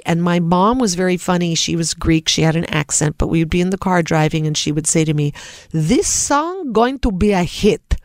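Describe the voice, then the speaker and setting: Animated middle-aged woman, dry studio mic. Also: fairly low pitch, no room sound. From Los Angeles. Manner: animated storyteller, lively asides. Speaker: singer-songwriter guest. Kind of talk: casual interview chat.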